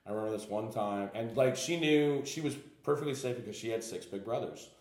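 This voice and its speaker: A man's voice: mid-range voice, fairly quick, a little mellow, roomy sound. A man, a tattoo shop owner, telling rambling, profane stories in casual talk and filling them with "like". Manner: profane, rambling, heavy use of "like". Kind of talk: casual storytelling.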